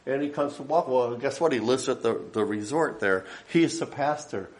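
A man's voice: medium pitch, lively intonation, moderate pace. A middle-aged man, a missionary, tells stories in a casual, rambling way while showing pictures, often restarting and chuckling. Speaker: missionary giving a ministry update. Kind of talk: casual slideshow talk.

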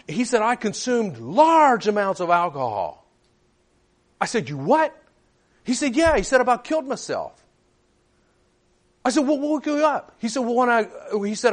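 A man preaching and telling a personal story, his voice pitched high and swinging widely as he acts out each quoted line. He moves between hushed, reflective moments and raised, emphatic ones. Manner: animated, retells dialogue in quoted voices. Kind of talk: sermon storytelling.

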